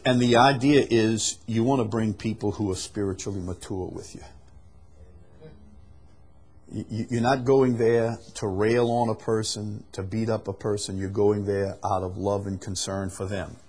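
A male pastor with a fairly low, husky voice earnestly explains scripture in a sermon. He repeats words often and acts out quoted apologies.

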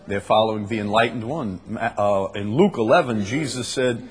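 A man preaching a sermon in a conversational way, reading scripture aloud and explaining it, often clearing his throat. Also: fairly low pitch, unhurried, long pauses. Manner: conversational, with fillers and restarts, reads scripture aloud.

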